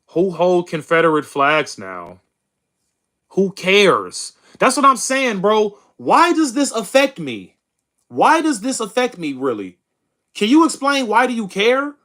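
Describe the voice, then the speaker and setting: A man's voice: high voice, a bit bright. A young man hosting a political stream, arguing with chat in a heated, mocking way and calling people bro and dude. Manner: combative, mocking, says bro and dude a lot. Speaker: host of a political livestream reading chat. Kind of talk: heated casual commentary.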